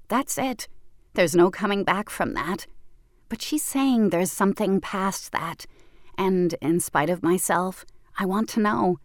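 A woman reads first-person fiction in a measured, intimate voice, with a quiet tension running under it. Her voice sits on the low side. She is close on a studio microphone, and the sound is dry with no room echo. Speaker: audiobook narrator.

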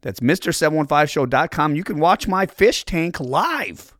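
A man hosting a casual podcast, loud, profane and rambling. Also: a little high, expressive, normal speed. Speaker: podcast host.

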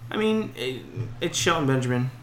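A man's voice: medium pitch, lively intonation, moderate pace, echoey room, a little hiss or hum. A man co-hosting a casual chat, telling a story in an easygoing way. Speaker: podcast co-host.

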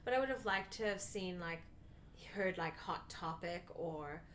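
Woman, podcast co-host, bright clear tone, effusive, laughs easily, casual film chat. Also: fairly low pitch, slight background noise. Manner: effusive, quick to laugh and gush. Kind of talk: casual movie review chat.

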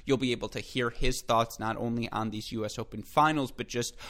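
Male solo podcast host, mid-pitched, eager and chatty, direct to listeners, loose self-corrections. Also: steady tone, fairly quick, a bit bright. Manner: enthusiastic, chatty, addresses listeners as folks; frequent self-corrections and filler. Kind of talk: solo tennis podcast commentary.

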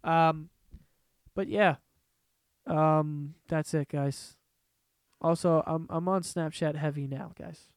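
A man's voice: a little high, fairly even intonation, slow pace, pauses often, clear, resonant tone, dry recording. A man hosting a casual solo podcast, ranting in a profane, rambling way from a room at home. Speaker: podcast host.

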